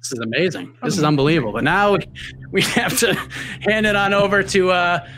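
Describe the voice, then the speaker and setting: High-voiced male podcast host. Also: fairly quick, fairly bright tone, a little hiss or hum. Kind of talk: game show hosting.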